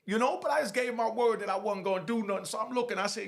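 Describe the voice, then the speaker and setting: Man from Jamaica, storyteller; high, gravelly voice; animated casual delivery. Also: fast. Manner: animated, keeps saying "you know what I mean". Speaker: storyteller recounting prison life. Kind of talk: casual first-person storytelling.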